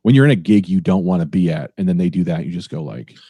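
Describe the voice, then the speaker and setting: A man with a lowish, mellow voice that sounds close and dry, telling a long story as a guest on a podcast. He rambles, swears freely and pokes fun at himself, with plenty of fillers and restarts. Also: fast talker, slightly rough, no echo. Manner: rambling, profane, self-deprecating storyteller. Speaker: comedian guest.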